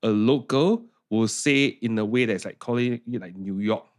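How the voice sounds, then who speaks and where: A man with a Singaporean English accent co-hosting a podcast in casual chat, relaxed and chatty, often repeating his words. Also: on the low side, moderate pace. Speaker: podcast co-host.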